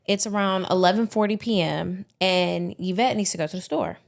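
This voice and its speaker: A woman's voice: fairly low pitch, moderate pace, gravelly. A woman co-hosting a podcast, riffing and storytelling in a slangy, playful true-crime chat. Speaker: podcast co-host.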